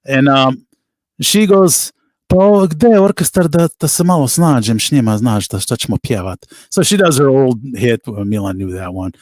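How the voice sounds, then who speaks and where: Middle-aged musician guest, chatty and animated, dry close mic, lively pitch. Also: male voice, normal speed, no echo. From United States. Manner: animated anecdotes with laughs and quoted voices. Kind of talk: casual storytelling interview.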